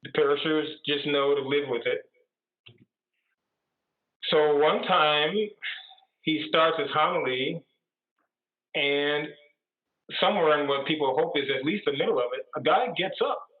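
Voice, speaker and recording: A man's voice: fairly high pitch, unhurried, pauses often. A male priest telling jokes and chatting playfully as a guest on a video call. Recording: tinny echoey video call.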